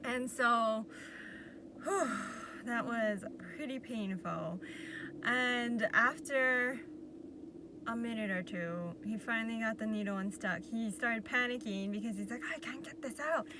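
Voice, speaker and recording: A woman vlogger telling a personal story to camera in a casual, animated way, laughing often and acting out what was said. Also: fairly high pitch, measured pace, noisy background. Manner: animated, laughing often, acts out quotes with sighs. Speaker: vlogger recounting a patient experience.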